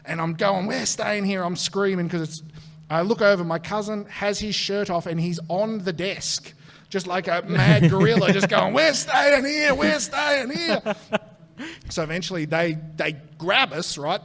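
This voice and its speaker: An Australian comedian, appearing as a guest, tells a long comic anecdote to a live audience in a high-pitched voice at normal speed. He's animated and swears as he acts out the voices in the story.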